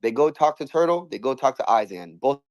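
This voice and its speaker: A man's voice: medium pitch, fairly quick. Profane storytelling man. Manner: animated, profane, many restarts, acts out quotes. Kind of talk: casual storytelling chat.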